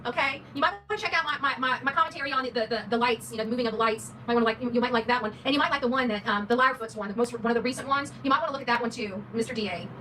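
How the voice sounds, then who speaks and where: A woman livestreamer in a rambling monologue, repeating and stumbling over words, with a put-on country drawl and a pitch that swings up and down. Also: rapid-fire, few pauses, sharp tone, recorded from a distance, slight background noise, low-quality recording. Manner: repetitive, stammering, pitch swings up and down.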